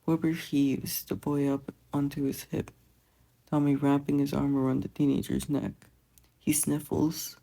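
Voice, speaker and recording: Slow podfic reader, gravelly and husky, dark tone. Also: mid-range voice, level tone. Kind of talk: storybook narration.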